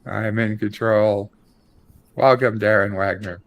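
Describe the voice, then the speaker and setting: A man's voice: on the low side, steady tone, takes it slowly. A man hosting a casual online panel chat, dry and joking.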